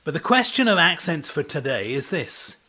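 A man's voice: a little high, sing-song, moderate pace, pushed and bright, husky. A man giving a devotional talk as a preacher, telling a scripture story and asking the listener rhetorical questions.

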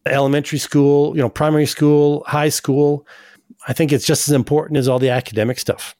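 A man's voice: fairly high pitch, little pitch movement, fairly quick, a little mellow, dry recording, clean studio sound. A man hosting a radio show, chatty and anecdotal, with frequent asides. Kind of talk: casual radio talk.

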